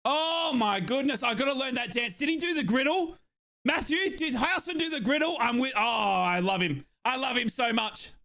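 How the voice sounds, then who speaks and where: Shouting and chanting along, a young Australian fan streamer delivers excited, breathless live commentary on a football game. His pitch is very high, with vocal fry, and his pace is moderate.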